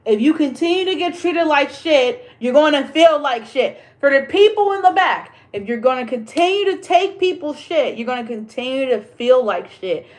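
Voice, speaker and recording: A woman's voice: high-pitched, expressive, normal speed, hardly any pauses. A woman hosting a casual livestream chat, ranting in a blunt, emphatic way and swearing freely. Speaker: livestream host.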